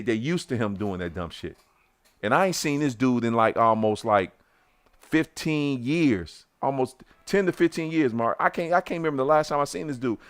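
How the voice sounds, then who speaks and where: A middle-aged man with a Detroit accent telling a personal story on a podcast in casual, heated talk, restarting his sentences, swearing, and loudly acting out what people said. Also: mid-range voice, dry recording.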